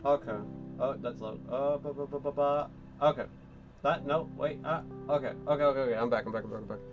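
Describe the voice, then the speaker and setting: A man's voice: mid-range voice, brisk, lo-fi sound, music in the background. A man streaming from home, chatting casually while he glues a model kit, rambling and swearing often with lots of fillers.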